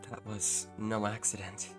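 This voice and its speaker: A woman voicing a vengeful murdered woman's spirit, speaking slowly, low and menacing. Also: little pitch movement, loud music behind the voice.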